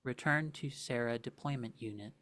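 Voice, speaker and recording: A man's voice: mid-range voice, normal speed, natural voice. A man doing a cold robotic warning voice. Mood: mechanical. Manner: flat, clipped directives.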